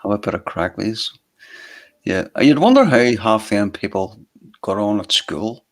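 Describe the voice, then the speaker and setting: A man co-hosts a casual livestream with a low, gravelly voice. His talk rambles, full of "you know" and swearing. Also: expressive, a little slow. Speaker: livestream co-host. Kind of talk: casual chat.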